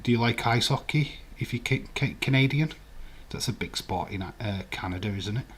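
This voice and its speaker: A man's voice: mid-range voice, normal speed, a bit bright, breathy edge. A man hosting a live stream, chatting casually and rambling while he answers viewer comments and laughs often. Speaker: livestream host. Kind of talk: casual live watch-along chat.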